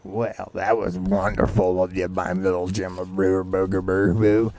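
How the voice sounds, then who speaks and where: Gravelly, crude ranting man. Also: low-pitched, level tone, a little slow, heavy background noise. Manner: crude, taunting, with cackling laughs. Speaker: vlogger. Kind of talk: profane ranting vlog. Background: background music.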